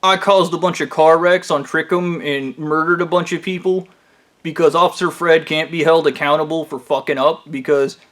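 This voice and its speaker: A man's voice: fairly high pitch, fairly even intonation, normal speed, fairly bright tone. A man telling a rambling, profane comedic story about his workplace in a conspiratorial tone.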